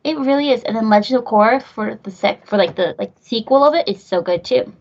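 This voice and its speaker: A woman's voice: fairly high pitch, expressive, brisk, dull audio. A woman hosting a podcast in casual chat, gushing and rambling, swearing casually. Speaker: podcast host.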